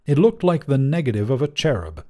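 A man's voice: medium pitch, sing-song, fairly quick, a little mellow. Man reading a story aloud. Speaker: podcast narrator. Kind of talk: scripted story narration.

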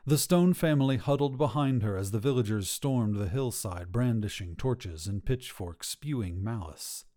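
A man narrating a dark fairy tale in a slow, hushed storybook telling. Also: on the low side, expressive.

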